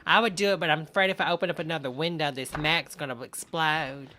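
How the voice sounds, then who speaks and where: There's background noise as this woman livestreams her casual reactions to online videos. She speaks low and quickly in a steady tone, keeping up amused, chatty remarks and plenty of asides.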